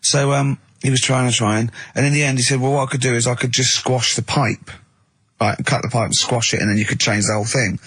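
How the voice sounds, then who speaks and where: Male radio co-host, husky, dry close-mic, anecdotal banter with quoted voices. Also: mid-range voice, steady tone, brisk, fairly bright tone, dry recording. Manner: rambling anecdotes, acting out the people he quotes. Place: radio studio.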